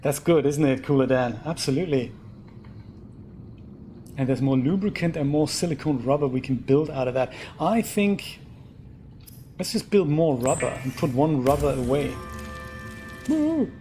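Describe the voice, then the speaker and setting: A man hosting a live game stream, thinking out loud about what to craft and chatting back to his viewers as he plays. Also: medium pitch, moderate pace, long pauses. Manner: chatty, thinks aloud and answers viewer chat. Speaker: let's play host. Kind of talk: casual live gameplay commentary. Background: game music.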